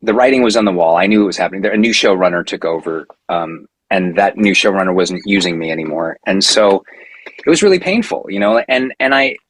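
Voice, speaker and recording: A man in his forties, a guest on a podcast, telling a long personal story in a casual, animated way with many fillers and restarts. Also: low voice, fairly quick, husky, no echo, poor audio.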